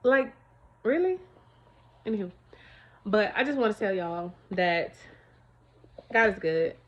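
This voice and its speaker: A woman's voice: mid-range voice, lively intonation, takes it slowly, highs cut off. A woman vlogging at home, chatting emphatically to her viewers about faith and money. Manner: chatty, emphatic, keeps calling viewers y'all. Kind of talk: casual faith testimony to viewers.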